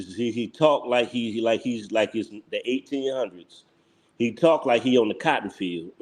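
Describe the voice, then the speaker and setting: A man with a Philadelphia accent hosts a live commentary stream. He talks in a blunt, heated way, circling back over the same points with mocking laughs. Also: mid-range voice.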